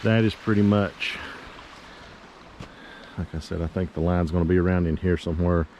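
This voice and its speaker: A man with a low, darkish, steady voice speaks at normal speed, with a little hiss or hum in the audio. Working as a realtor, he walks a piece of land outdoors by a river and hillside, giving a casual property tour. He's out of breath and rambles with many fillers.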